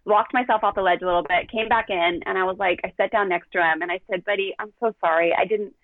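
A woman's voice: mid-range voice, fast, dry recording. Middle-aged woman parenting coach, candid storyteller, dry thin phone-line sound. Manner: candid, animated, acts out quotes. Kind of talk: podcast conversation, storytelling.

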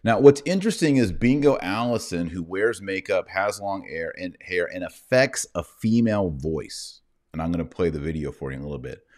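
A man's voice: low voice, lively intonation, moderate pace, a little mellow. A middle-aged man hosting a live online show, talking in a mocking, rambling way. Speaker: livestream host. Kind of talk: livestream commentary.

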